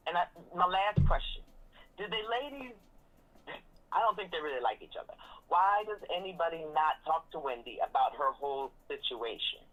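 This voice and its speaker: A sassy woman gossiping about reality TV on a dull, lo-fi recording. She talks animatedly and drops into mocking impressions of the cast. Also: lowish voice. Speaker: reality TV commentator. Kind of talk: casual recap chat.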